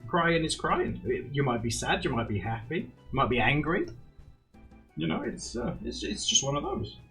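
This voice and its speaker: A man's voice: fairly high pitch, sing-song, normal speed, gravelly, fairly bright tone. A young man hosting a casual livestream, chatting with viewers and reading their comments, laughing often. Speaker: livestream host. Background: faint background music.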